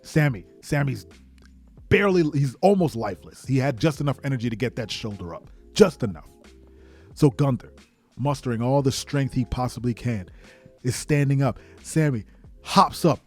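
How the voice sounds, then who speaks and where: Animated man narrating wrestling play-by-play. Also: mid-range voice, normal speed, slightly rough, soft background music. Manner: animated, shouts sound effects. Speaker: podcast host. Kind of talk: excited fantasy play-by-play narration.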